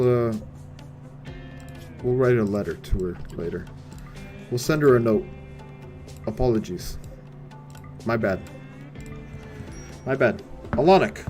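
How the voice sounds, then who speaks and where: Guy streaming a colony game, dry jokes, mutters then yells, faint music. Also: mid-range voice. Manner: wry, swings from mutters to shouts. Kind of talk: let's play commentary.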